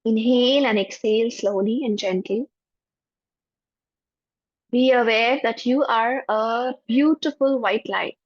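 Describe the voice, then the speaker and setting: A woman with an Indian English accent, a spiritual teacher leading an online class and a guided forgiveness meditation in a gentle, soothing voice. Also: on the high side, no echo. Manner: gentle, soothing, repeats phrases slowly. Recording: dull, dry lo-fi audio.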